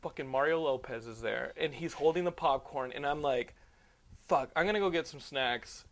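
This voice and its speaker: A slightly high-voiced man hosts a casual podcast and tells rambling stories. He swears freely and keeps the telling lively. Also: moderate pace. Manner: profane, rambling and animated storyteller. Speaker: podcast host.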